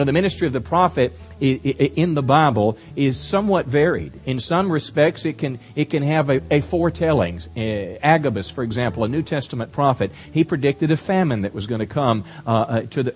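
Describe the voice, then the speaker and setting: A man's voice: mid-range voice, lively intonation, brisk, hardly any pauses, darkish tone. A man preaching as the pastor, earnest, reading scripture verse by verse before introducing a guest. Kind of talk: sermon. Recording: faint music behind.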